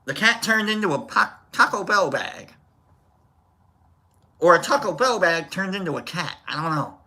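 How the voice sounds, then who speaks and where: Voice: medium pitch, sing-song, moderate pace, pushed and bright. A live stream host chatting casually, telling a rambling story and greeting viewers in the chat.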